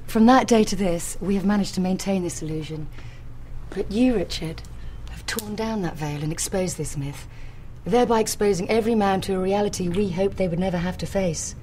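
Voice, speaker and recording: A woman delivering a scripted, deadpan apology as a company executive in a video ad. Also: mid-range voice, moderate pace, slight background noise, close to an everyday voice. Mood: mock-solemn.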